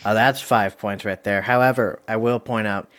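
A man's voice: on the low side, steady tone, a bit bright. Rambling man hosting a movie quiz. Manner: rambling, lots of fillers and quick asides. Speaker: host of a movie review game show. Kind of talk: casual chat.

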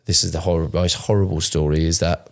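A man in his thirties tells his story in a raw, unpolished way, often breaking off and restarting sentences. His voice is very low, with a rough, gravelly fry. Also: little pitch movement, brisk. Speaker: podcast co-host. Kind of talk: candid conversational storytelling.

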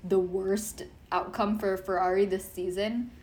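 A young woman co-hosting a podcast, chatting casually and telling animated stories with quoted voices. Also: medium pitch, measured pace. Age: young adult. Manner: giggly, animated storytelling with put-on quotes. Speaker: podcast co-host. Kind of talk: casual chat.

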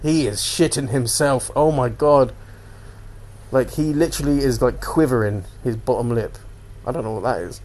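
A man's voice: mid-range voice, moderate pace, darkish tone. A young man hosting a casual solo podcast, rambling loosely between topics and swearing freely. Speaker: podcast host.

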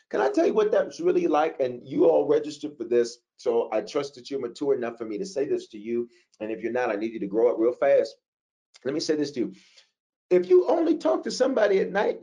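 A man teaching a prayer class in a preaching style, repeating key lines for emphasis and breaking into sudden high, fervent outbursts. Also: dark tone. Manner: casual asides to the class.

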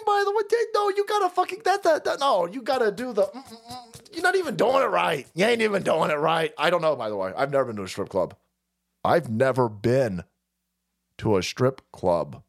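This livestream host, a man in his forties, speaks in a very high, creaky voice at a fairly quick pace. He rants casually and profanely, laughing often and breaking into animated outbursts.

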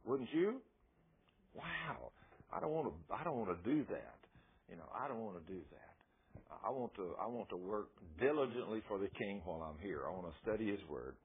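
A man preaching a sermon in a folksy, conversational and emphatic way, with a husky voice. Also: lowish voice, big pitch swings, normal speed. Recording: tinny phone-like radio broadcast.

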